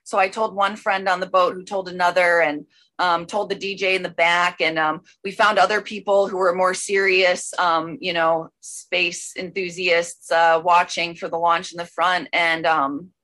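A woman telling a personal recovery story at an online meeting, rambling with many fillers and bursts of excited speed. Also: on the low side, normal speed. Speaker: speaker sharing a recovery story.

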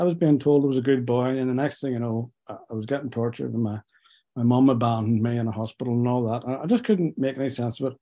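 A man recounts his own life in a personal testimony. His voice is warm and mellow, pitched in an ordinary middle range, and his speech moves in halting stretches, pausing and restarting as he reflects.

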